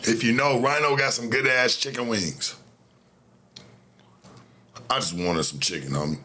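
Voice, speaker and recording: A man's voice: medium pitch, measured pace, pushed and bright, a little hiss or hum. A man hosting a show, telling a story in a casual, profane monologue full of street slang. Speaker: show host.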